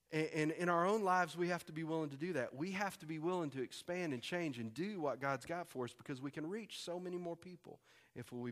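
A man's voice: fairly high pitch, fairly bright tone. A man preaching a sermon as a pastor, conversational and emphatic, repeating key lines for weight.

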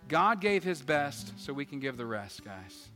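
Male pastor, upbeat sermon delivery, bright tone, reverberant sanctuary, soft guitar bed. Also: mid-range voice, measured pace. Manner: energetic, joking, shifts between loud emphasis and quiet asides. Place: church sanctuary. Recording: church hall reverb with faint guitar.

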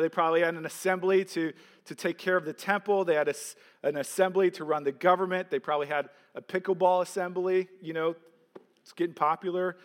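A man's voice: fairly high pitch, big-room sound. A pastor preaching a sermon in an earnest, emphatic way, asking his listeners questions.

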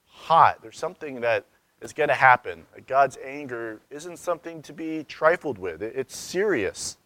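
A man's voice: mid-range voice, a bit bright, no room sound. A man in his thirties preaching a sermon in a conversational, searching way, asking rhetorical questions and raising his voice for emphasis. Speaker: pastor.

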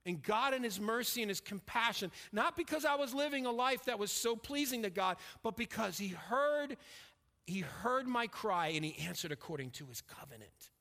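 A middle-aged man preaching a sermon as pastor, emphatic and dropping to a quiet intensity when he tells a personal story. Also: sits high, lively intonation, moderate pace. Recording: long reverb of a hall.

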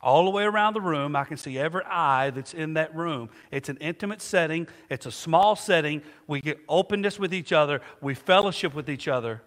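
A man's voice: on the high side, brisk, few pauses, fairly bright tone. A middle-aged male pastor preaching a sermon in a church, emphatic and rhetorical, asking the congregation questions and answering them. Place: church sanctuary. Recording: long church reverb.

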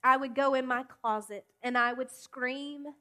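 A woman preaching a sermon, speaking emphatically with deliberate pauses and direct questions to the congregation. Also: sits high, steady tone, pushed and bright. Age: adult.

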